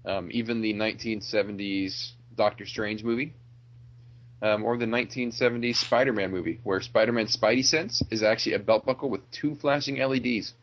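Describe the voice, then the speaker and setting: A man's voice: lowish voice, steady tone, fairly quick, a bit bright, lo-fi sound. A man hosting a casual podcast chat, rambling along with lots of fillers and frequent chuckles. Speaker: podcast host.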